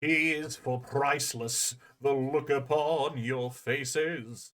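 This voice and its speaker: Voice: medium pitch, fairly even intonation, takes it slowly, fairly bright tone, recorded from a distance, voice pushed down. A streamer doing a smug villain Cell. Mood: gloating.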